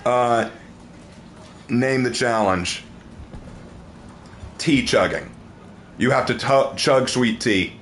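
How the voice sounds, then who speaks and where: A man's voice: mid-range voice, slow pace, long pauses, a bit bright, faint music behind. A man chatting casually on a gaming livestream, loose and jokey as he reacts to viewers.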